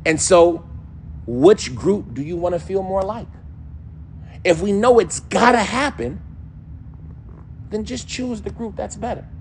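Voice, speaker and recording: A man giving a casual, animated religious lesson, now and then mimicking other people's voices and accents. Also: sits high, a little slow, pauses often, slight background noise. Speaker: Islamic teacher.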